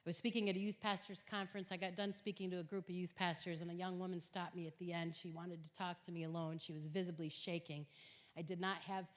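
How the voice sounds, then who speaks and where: A middle-aged woman giving an earnest Christian talk to high school students, telling stories emphatically and swinging from quiet to loud. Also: level tone, fast. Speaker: guest speaker at a high school. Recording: long hall reverb.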